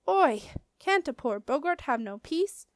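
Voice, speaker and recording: A woman's voice: high voice, very animated, measured pace, no room sound, studio quality, voice pushed up. Woman doing a grumpy mud-dwelling Bogart. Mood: indignant. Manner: gruff, rustic, complaining.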